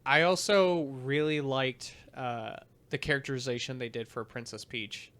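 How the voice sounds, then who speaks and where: A man co-hosting a casual movie podcast, giving his opinions steadily with frequent pauses and filler sounds. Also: mid-range voice, clear, resonant tone. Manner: steady, hesitant, lots of ums and uhs. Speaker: podcast co-host. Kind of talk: casual film review chat.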